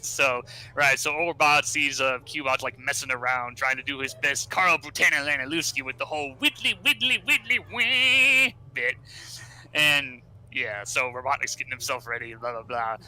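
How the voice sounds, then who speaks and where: A man casually recapping a comic story on a podcast, rambling and laughing often, with brief squeaky character voices. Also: steady tone, normal speed, pushed and bright, low-quality recording. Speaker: podcast co-host summarizing a comic.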